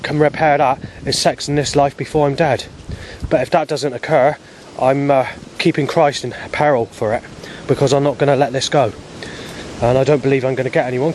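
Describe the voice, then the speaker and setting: A man's voice: fairly high pitch, a little hiss or hum. A man, rambling in an aggrieved personal monologue, swearing often and restarting his sentences. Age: 40s. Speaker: vlogger.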